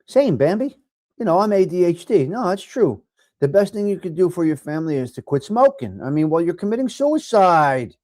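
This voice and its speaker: A middle-aged man with a New York accent hosting a casual live chat, giving blunt, profane tough love to viewers and swinging from low mutters to loud outbursts. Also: big pitch swings, normal speed, dry recording, clean studio sound. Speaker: livestream host reading chat.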